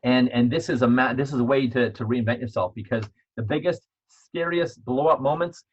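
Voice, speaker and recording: Husky-voiced man giving an earnest pep talk. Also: mid-range voice, normal speed, highs cut off. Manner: earnest, repetitive, frequent restarts. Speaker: motivational speaker and author. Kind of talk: motivational self-help talk.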